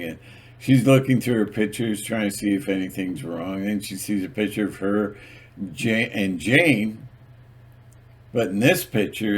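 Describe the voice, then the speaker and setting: A man telling stories in a casual, rambling monologue, hesitant and full of fillers, acting out little skits as he goes. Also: fairly low pitch. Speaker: channel host.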